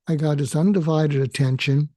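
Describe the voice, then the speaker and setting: Guy hosting his own show, thinking out loud, lots of uhs and restarts, low mellow tone, dry close sound. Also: steady tone, no room sound. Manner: halting, with frequent fillers and restarts. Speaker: podcast host and therapist. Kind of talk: reflective spoken monologue.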